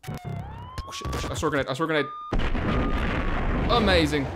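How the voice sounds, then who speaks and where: A young man reacting to a game with a fairly high, lively voice that swings all over the place. His bright, sharp tone carries loud, over-the-top, foul-mouthed commentary, with laughs scattered throughout. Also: normal speed, long pauses, breathy edge. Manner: loud, exaggerated, swearing, laughing often. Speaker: gamer playing a game. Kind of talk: let's play commentary.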